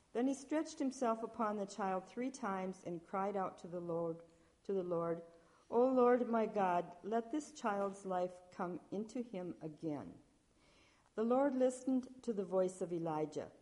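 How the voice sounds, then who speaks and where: A woman reading scripture aloud at a church service, measured, with small slips and restarts. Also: mid-range voice, dark tone. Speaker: lector.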